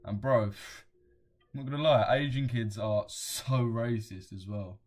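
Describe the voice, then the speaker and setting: A man's voice: mid-range voice, measured pace, a little mellow. A young man hosting a casual livestream, blunt and slangy, swearing freely and chuckling as he reads viewer comments aloud. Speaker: trading livestream host.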